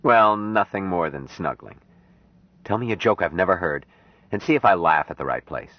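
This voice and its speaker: A man voicing a calm, wondering outsider man. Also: sits low, moderate pace, no echo. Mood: earnest. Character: grown man raised apart from humans, calm and wondering. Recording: dry, dull lo-fi audiobook recording.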